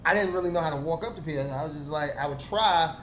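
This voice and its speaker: A man talking casually on a podcast, a bit high-pitched and full of animated storytelling. His voice carries the echo of a roomy room. A faint hiss sits under it. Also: fast. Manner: animated storytelling, acts out his own lines. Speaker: podcast guest comedian. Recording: roomy studio with faint noise.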